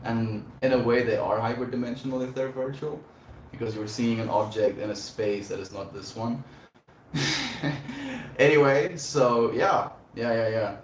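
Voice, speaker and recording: A man with a medium-pitched voice and moderate pace runs a relaxed livestream chat, rambling reflectively and laughing frequently. Faint noise and echo fill the room.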